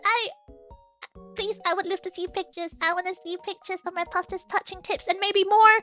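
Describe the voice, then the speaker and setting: A giggly, excitable woman chats with her viewers as a stream host. Her voice is very high and bright, swooping up and down. Soft music plays faintly behind her. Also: normal speed. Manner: giggly, excitable, talks to chat. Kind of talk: casual chat with live chat.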